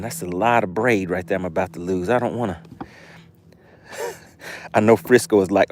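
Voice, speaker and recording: A man hosting a live fishing stream outdoors, reading viewer chat aloud and teasing them playfully. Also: lowish voice. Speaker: fishing livestream host. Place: outdoors by the water.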